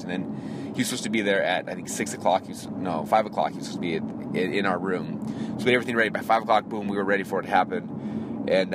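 Guy rattling off a story super fast, lowish voice, gets all excited, lots of noise behind him. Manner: excitable, animated retelling with quoted reactions and laughs. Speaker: podcast host. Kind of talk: casual storytelling monologue.

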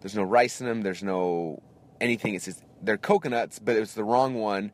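A man in his thirties hosting a podcast, telling a story in a casual, animated way and acting out the people in it. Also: on the low side, moderate pace. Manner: animated, acts out voices in anecdotes. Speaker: podcast host.

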